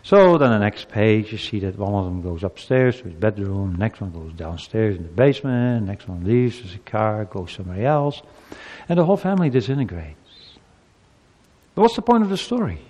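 A man's voice: fairly low pitch, brisk, highs cut off. A man preaching a sermon, talking animatedly and acting out what people say to each other. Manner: animated, acts out quoted speech. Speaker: pastor. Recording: long hall reverb.

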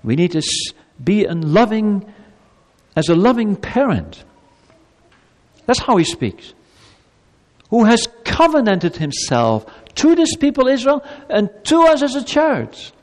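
Male pastor, lively higher voice, preaching with long hall reverb. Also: takes it slowly, pauses often. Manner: animated preaching, voicing God's words in a warm, pleading tone. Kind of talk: sermon.

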